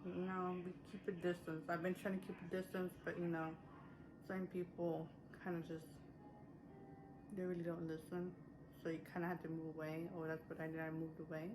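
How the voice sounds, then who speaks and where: Woman, low pitch, breathless, rambling casual chat, faint noise behind. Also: level tone, brisk. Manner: rambling, many fillers and restarts. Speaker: vlogger. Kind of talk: casual haul chat to camera.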